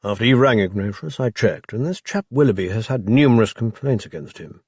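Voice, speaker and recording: A man voicing a brisk, middle-aged army major who speaks in a clipped, officer-like way in an audiobook. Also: on the low side, lively intonation, a little mellow, breathy edge, no room sound, studio quality, voice pushed up. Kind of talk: audiobook character voice.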